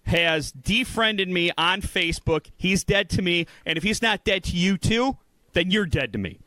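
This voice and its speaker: A man's voice: sits high, lively intonation, normal speed, sharp tone, no echo. A man co-hosting a casual comedy podcast, ranting in mock indignation during banter with his co-host. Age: adult.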